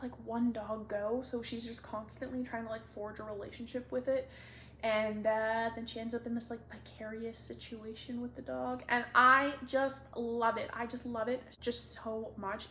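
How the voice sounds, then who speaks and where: Young woman vlogger, bright-ish higher voice, gushing chatty delivery, roomy echo. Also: slight background noise. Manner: gushing, chatty, lots of fillers. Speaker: book vlogger. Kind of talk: casual book recommendation chat.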